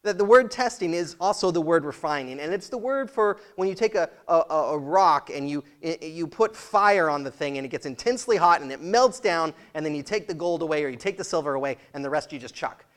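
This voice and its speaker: A pastor giving a sermon in church, chatty and conversational, laughing often and asking the congregation questions. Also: male voice, a little high, lively intonation, a little fast, hardly any pauses, fairly bright tone.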